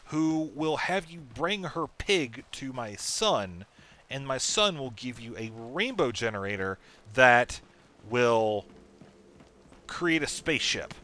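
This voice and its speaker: A man's voice: mid-range voice, lively intonation, slow pace, sharp tone. Joking man commenting on a game. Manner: chatty, joking, laughs often. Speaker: let's play host.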